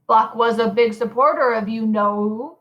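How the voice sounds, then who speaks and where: A woman voicing an excitable, gossipy young male bus conductor with slangy, jumpy talk. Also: a little high, normal speed, lo-fi sound, lightly acted.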